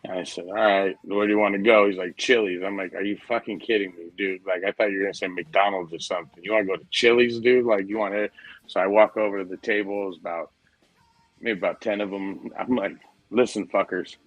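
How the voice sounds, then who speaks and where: Host, forties, low and dry, swears freely, says dude, loose storyteller. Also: male voice, fairly even intonation, fast talker, dry recording, highs cut off. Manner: profane, rambling storyteller, says dude a lot. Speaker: podcast host. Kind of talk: casual chat.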